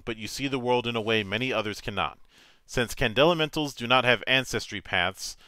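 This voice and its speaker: A man acting as game master, reading tabletop game rules aloud in a measured, matter-of-fact way with small stumbles. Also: mid-range voice, bright, forceful tone, no room sound.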